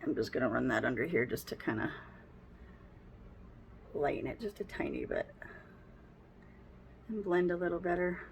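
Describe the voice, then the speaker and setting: A woman's voice: low voice, lively intonation, moderate pace, gravelly, pauses often, slight background noise. A woman chatting casually at home while doing her makeup, rambling, with frequent laughs. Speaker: beauty vlogger. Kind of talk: casual get-ready-with-me chat.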